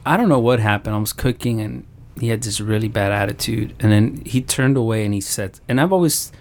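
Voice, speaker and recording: Man, gravelly voice, casual chat, animated storytelling, father. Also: on the low side, brisk. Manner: animated storytelling, acts out dialogue.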